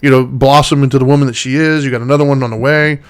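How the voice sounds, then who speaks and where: A man's voice: medium pitch, fairly even intonation, rapid-fire, clear, resonant tone. A middle-aged man co-hosting a casual podcast chat, talking in an earnest, conversational way with frequent fillers. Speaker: podcast co-host.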